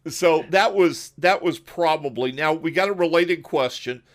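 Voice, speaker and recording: A man hosting an online podcast, telling stories in a casual, animated way with frequent laughs and quick asides over a voice call. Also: on the high side. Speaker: podcast host. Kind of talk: casual storytelling chat.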